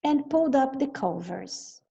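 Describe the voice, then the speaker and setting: A woman teacher with a Brazilian Portuguese accent reading a story line by line, slow and careful with playful asides. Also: high-pitched, expressive, gravelly, mellow, husky. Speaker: English teacher. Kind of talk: repeat-after-me story reading. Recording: dull lo-fi sound.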